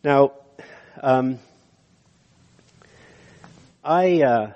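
A man preaching a sermon in earnest, slowing down to stress key words, in a church sanctuary. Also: medium pitch. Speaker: pastor. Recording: dull audio with long hall reverb.

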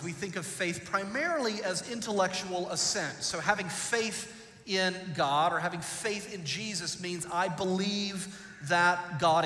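A male pastor preaching a sermon, retelling a story with dramatic swings between loud and quiet. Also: high-pitched. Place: church. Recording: echoey church hall.

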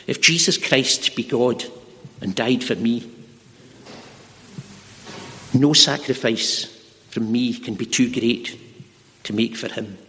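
Earnest preacher in an echoing hall. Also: male voice, medium pitch, fairly bright tone. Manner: earnest, slows for emphasis. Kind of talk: sermon with storytelling. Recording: long hall reverb.

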